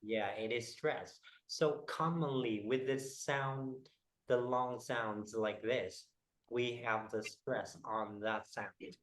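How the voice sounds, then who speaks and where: Slow, halting male English teacher. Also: medium pitch, fairly even intonation, a bit bright, poor audio. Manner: halting, explains slowly with many fillers. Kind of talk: one-on-one pronunciation lesson.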